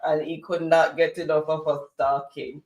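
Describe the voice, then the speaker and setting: A man from Jamaica with a Jamaican accent, co-hosting a casual chat and telling stories with lively retellings. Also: on the high side, moderate pace, lo-fi sound. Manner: chatty storyteller, mimics others. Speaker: co-host. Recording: roomy, distant from mic.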